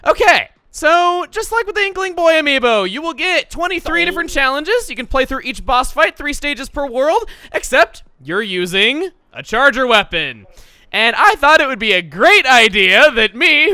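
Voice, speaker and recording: Animated man narrating his gameplay. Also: very high-pitched, normal speed, clean tone, dry recording. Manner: playful, self-mocking, chatty while playing. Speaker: gaming video host. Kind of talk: let's play commentary.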